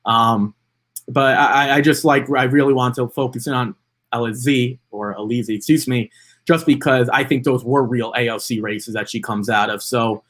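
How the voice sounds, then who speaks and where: A man's voice: mid-range voice, steady tone, moderate pace, a bit bright. A man co-hosting a horse racing podcast, talking through his picks in a casual chat, with frequent fillers and restarts as he thinks aloud. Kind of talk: casual betting analysis chat.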